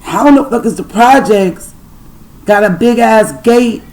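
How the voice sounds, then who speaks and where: Middle-aged woman, gravelly, slightly high voice, salty storytime host. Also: a little slow, a little mellow, rough recording. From Detroit, USA. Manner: profane, rambling spiritual storytelling. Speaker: channel host. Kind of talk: storytime vlog.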